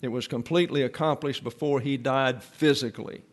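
A man preaching an expository sermon, teaching slowly and deliberately and repeating key phrases for emphasis. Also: medium pitch, fairly even intonation.

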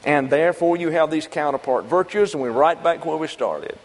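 A man's voice: fairly high pitch, fairly quick. Folksy preaching man in a reverberant hall. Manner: folksy, conversational preaching with rhetorical questions. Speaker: pastor. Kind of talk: sermon. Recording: long reverb of a church hall.

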